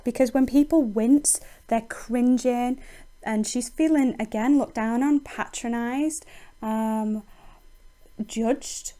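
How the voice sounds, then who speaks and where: A woman's voice: on the high side, mellow. A woman teacher explaining a poem in a recorded lesson, thinking aloud with frequent ums and restarts.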